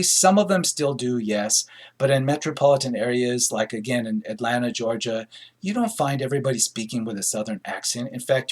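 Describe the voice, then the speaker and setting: Middle-aged guy from northern california ranting about a movie, casual and rambly, lots of ums, average pitch. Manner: rambling and opinionated, many fillers and restarts. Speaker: movie reviewer. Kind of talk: casual spoken film review.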